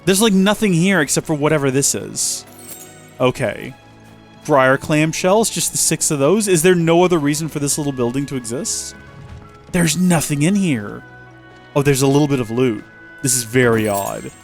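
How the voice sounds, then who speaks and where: Brief: male let's play host, rambling, jokey gameplay commentary, mid-pitched voice.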